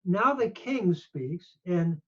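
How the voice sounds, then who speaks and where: An older man teaching scripture in a slow lecture, reading Hebrew verses aloud and explaining each one with measured emphasis. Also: high voice, lively intonation, slightly rough. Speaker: Bible teacher. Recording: dull lo-fi recording.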